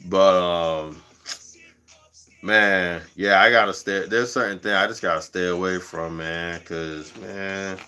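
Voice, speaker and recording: A man's voice: low voice, steady tone, slow pace, bright, forceful tone, smooth. A man hosting a livestream in a slangy, rambling casual chat, laughing often. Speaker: livestream host.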